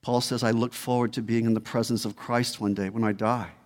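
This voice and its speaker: A man's voice: mid-range voice, flat delivery, fairly quick, darkish tone. A man preaching a sermon as pastor, emphatic and repeating key words. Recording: long hall reverb.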